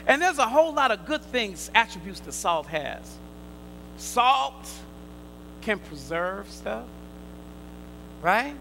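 A man preaching a sermon, quizzing his listeners in call and response, swinging from loud emphatic bursts to quiet asides. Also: sits high, very animated, slow, gravelly, pauses often, slight background noise, rough recording.

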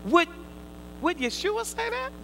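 A man preaching a sermon, quizzing his listeners in call and response, swinging from loud emphatic bursts to quiet asides. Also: very high-pitched, very animated, unhurried, vocal fry, slight background noise, low-quality recording.

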